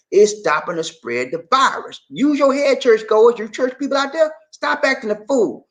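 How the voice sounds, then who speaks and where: A man's voice: high-pitched, a little fast, few pauses. A man hosting a casual livestream, greeting viewers and reading their comments aloud in an emphatic, chatty way. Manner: animated, emphatic, chatty, repeats phrases. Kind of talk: casual live chat.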